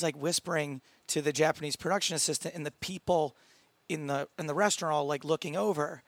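A man co-hosting a podcast in casual chat, telling stories in an animated way and laughing often. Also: on the high side, no room sound. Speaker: podcast co-host.

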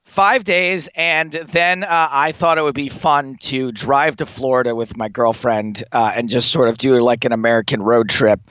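A young man rambling through comic anecdotes as a podcast guest, animated, swearing often and laughing through his stories. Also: medium pitch, moderate pace, hardly any pauses, smooth, no room sound, highs cut off. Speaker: guest storyteller.

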